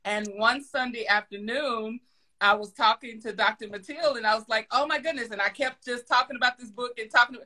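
Excited woman host, gushy, chatty, keeps saying oh my goodness. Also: on the high side, fairly quick. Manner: excitable, gushing. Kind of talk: casual chat.

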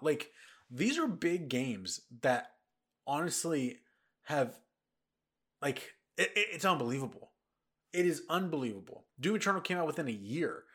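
A man's voice: medium pitch, a bit bright. A man hosting a casual podcast, talking in a rambling way with lots of restarts and repeats, tired and yawning. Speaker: podcast host. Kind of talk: casual news chat.

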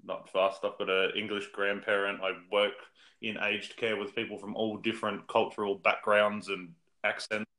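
A man's voice: on the low side, level tone, normal speed, bright, forceful tone, rough recording. An Australian man hosting a podcast, chatting casually with a dry, teasing manner. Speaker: podcast host. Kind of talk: casual chat.

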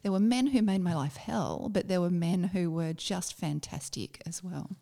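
A middle-aged Australian woman, a former army officer, telling a personal story in a reflective, halting way with many fillers. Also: fairly low pitch, gravelly, mellow.

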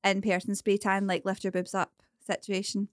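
A woman's voice: medium pitch, level tone, moderate pace, no echo, clean studio sound. A woman, co-hosting a podcast in a giggly, blunt way that is full of swearing. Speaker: podcast co-host. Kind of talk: casual chat.

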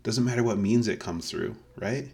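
Guy with a really low voice, chatty and laughing a lot, pushing his point in a friendly argument. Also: normal speed, vocal fry. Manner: animated, laughs often, argues playfully. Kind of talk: casual chat.

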